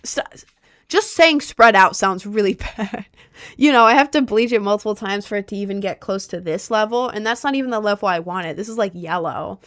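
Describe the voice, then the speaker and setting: A young woman from rural Maryland streams casually, responding to chat questions as they come in. Her mid-range voice is a bit bright and a little fast, some words carry a slight Southern lilt, and she rambles along chattily with frequent laughs and fillers.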